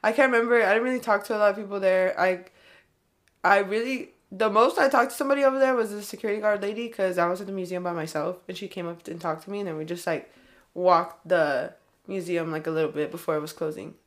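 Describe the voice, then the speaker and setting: Speaking fast at medium pitch, a young woman from California tells stories in a loose, rambling chat. Her Californian accent shows, and "like" crops up constantly in her animated telling.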